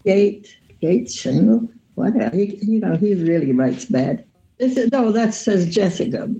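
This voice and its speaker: An older woman on a family podcast, slowly reading scrawled notes aloud, stumbling over words. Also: mid-range voice, animated, creaky, mellow, rough recording. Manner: halting, stumbling over handwriting.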